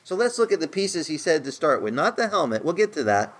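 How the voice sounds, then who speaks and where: A middle-aged man preaching in a conversational sermon style, his voice climbing higher when he stresses a point. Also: very animated, a little fast. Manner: conversational preaching, rises in pitch for emphasis. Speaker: pastor.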